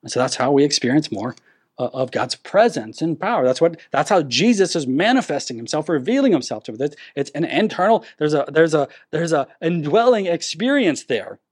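A man's voice: fairly high pitch, big pitch swings, fairly quick, slightly rough. A man preaching a sermon, teaching verse by verse with emphatic stresses and frequent restarts. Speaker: pastor.

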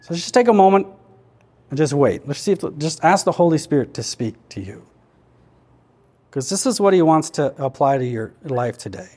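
A man's voice: a little high, lively intonation, normal speed, mellow. A man preaching a sermon as pastor to his church, in an earnest, conversational way with many questions to the listeners.

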